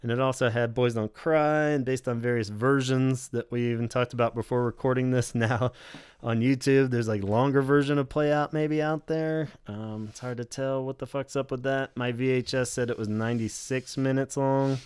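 A man's voice: mid-range voice, fairly even intonation, normal speed, darkish tone, clean tone, no echo, studio quality. A man co-hosting a podcast in casual chat, rambling and swearing, with lots of filler "like". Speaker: podcast co-host.

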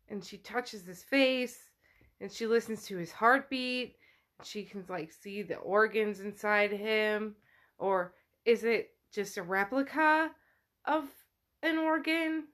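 Chatty woman podcast host, slow-spoken. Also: fairly high pitch, fairly bright tone. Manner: chatty, peppered with "like". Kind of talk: casual retelling of a novel.

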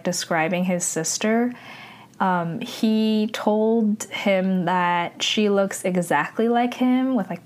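A woman casually retelling a drama episode, chatty and full of fillers, acting out the characters' lines as she goes. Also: medium pitch. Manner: chatty, filler-heavy retelling with quoted dialogue. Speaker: drama recapper.

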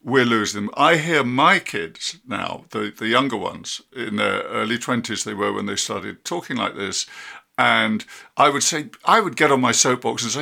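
A man's voice: medium pitch, animated, normal speed, creaky, sharp tone. A man in his sixties from the United Kingdom, hosting a podcast interview, reflective and telling stories. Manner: reflective, storytelling with quoted dialogue. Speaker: podcast host, psychologist. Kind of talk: conversational interview.

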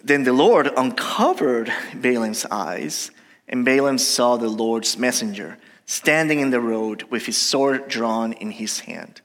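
Man preaching, lots of ums and restarts, mid pitch, long echo in a big church hall. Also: slow pace, fairly bright tone. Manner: hesitant, many fillers and restarts. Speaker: pastor. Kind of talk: sermon.

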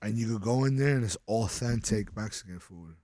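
A man, a DJ guest on a podcast, telling animated stories and laughing often. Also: fairly low pitch, brisk, dry recording, studio quality. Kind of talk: casual chat.

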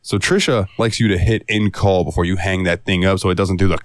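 Profane, exasperated low-voiced man. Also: fairly even intonation, fairly quick, fairly bright tone, no room sound, clean studio sound. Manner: profane, exasperated storytelling with acted-out quotes. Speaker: podcast co-host. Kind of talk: casual storytelling chat.

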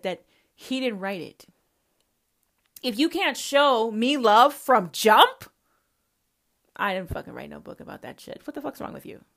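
A woman's voice: fairly high pitch, a bit bright. Woman, podcast host, confrontational, swearing, direct. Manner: confrontational, swears constantly, addresses listener directly. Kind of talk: profane monologue.

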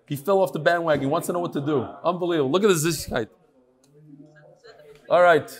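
A man's voice: a little high, quick pace. A man hosting a casual live stream, greeting viewers by name and teasing them. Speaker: host of a live online talk.

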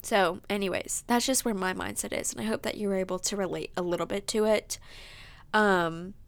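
A woman's voice: mid-range voice, fairly even intonation, fairly quick, creaky. Tearful young woman podcaster. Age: 20s. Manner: emotional, tearful, many fillers and likes. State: sniffling, close to tears. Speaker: podcast host. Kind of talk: casual heartfelt monologue.

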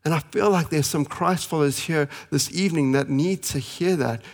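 A man in his thirties preaching a sermon as pastor, earnest and pleading, slowing for emphasis and speeding through family stories. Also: on the high side. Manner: earnest, pleading, with slow emphatic pauses and fast anecdotes.

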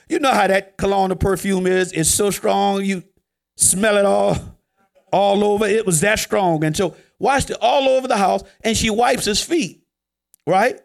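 A man preaching a sermon in a joking, conversational way, swinging from loud emphasis to hushed asides. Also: high voice, measured pace, gravelly.

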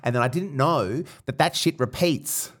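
A young adult man hosting a podcast, telling stories in an animated, sweary way. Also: medium pitch, moderate pace. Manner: animated storyteller, sweary, laughing through anecdotes. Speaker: podcast host. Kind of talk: casual podcast chat.

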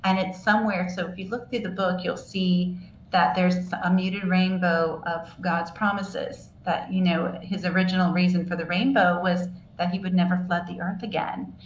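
A woman's voice: on the low side, steady tone, moderate pace. An older woman, a children's book author, chatting as a guest in an enthusiastic, rambling way with many restarts. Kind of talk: casual interview chat. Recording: echoey, dull, faint noise.

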